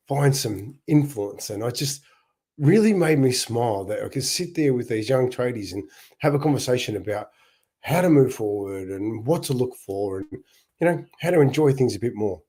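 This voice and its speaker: A man's voice: mid-range voice, lively intonation, brisk, warm tone, breathy edge. A middle-aged Australian man hosting a casual livestream, telling upbeat stories with frequent laughs and restarts. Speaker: not-for-profit founder and livestream host.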